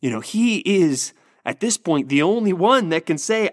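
A man's voice: high voice, animated, measured pace, no echo, clean studio sound. A man preaching a sermon, earnest and emphatic, often restarting his words as he builds to a point. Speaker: pastor.

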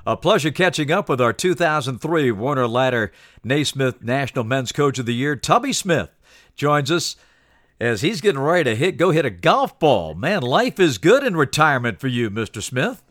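A man's voice: medium pitch, sing-song, moderate pace, a bit bright, no room sound, clean studio sound. A man hosting a podcast, interviewing a guest with polished broadcaster delivery.

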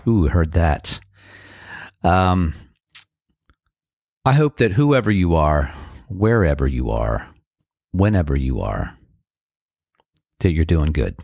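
A man hosting his own podcast, talking casually and reflectively with many fillers, a slight frog in his throat that he keeps clearing. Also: extremely low pitch, very animated, takes it slowly, pauses often, a little mellow, no echo, studio quality. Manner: rambling, reflective, loose with fillers. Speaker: podcast host. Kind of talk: casual solo podcast talk.

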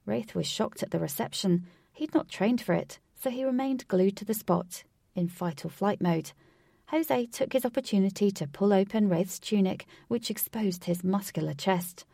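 A woman reading a story aloud in an expressive way, voicing each character. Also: medium pitch, normal speed, gravelly, husky, dry recording, studio quality. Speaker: narrator.

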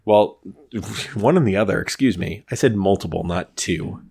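A man's voice: on the low side, moderate pace, creaky, mellow, slightly rough. A young adult man co-hosting a podcast in casual chat, joking and teasing with some swearing. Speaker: podcast co-host.

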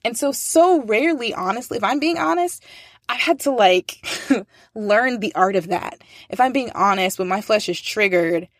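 Animated woman telling a classroom story. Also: medium pitch, moderate pace, dry recording, clean studio sound. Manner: animated, acts out quoted voices, laughs often. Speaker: teacher and faith speaker. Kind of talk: casual storytelling talk.

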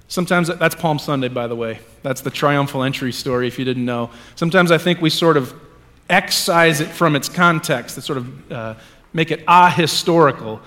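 A male pastor reading scripture aloud and then preaching a sermon, moving between hushed lines and loud ones, with casual asides. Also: a little high, in a large hall. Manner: reads scripture with dramatic swings from hushed to loud; conversational asides with fillers.

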